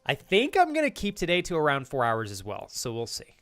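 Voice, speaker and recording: A man streaming live, chatting casually with his viewers and reacting to their messages, animated and hyped, with casual swearing. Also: fairly high pitch, a little fast. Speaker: streamer reading chat.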